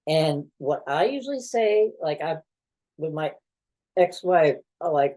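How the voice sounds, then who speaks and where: A man, a mental health professional, talking haltingly and defensively in a tense conversation, often trailing off. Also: on the high side, dark tone, poor audio.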